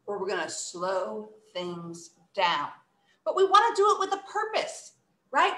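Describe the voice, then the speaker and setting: A bright, animated woman teacher leads a playful recitation lesson, her pitch swooping high and low. She talks slowly and leans hard on single words to show emphasis. The sound is roomy, with a clear echo around her. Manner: animated, exaggerated emphasis, slow deliberate demonstrations.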